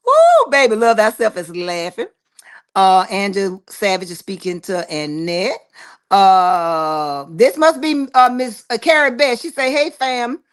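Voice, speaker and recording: A woman hosts a relaxed livestream and reads her viewers' comments aloud one by one. She drawls along in a chatty manner and answers each one. Her voice sits at a medium pitch. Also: measured pace, smooth. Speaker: livestream host reading chat. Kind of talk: casual live chat.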